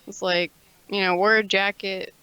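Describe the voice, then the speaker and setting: A woman's voice: medium pitch, little pitch movement, normal speed, pushed and bright, clear, resonant tone, no echo, dull audio. A young woman chatting casually on a stream, giggly and a little self-conscious as she tells her story. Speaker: stream guest. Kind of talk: casual chat on a live stream.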